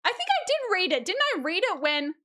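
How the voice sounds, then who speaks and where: A woman's voice: very high-pitched, huge pitch swings, a little fast, sharp tone. A young woman streaming casually, chatting and reading a children's book aloud in a playful way, swearing for laughs. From Australia.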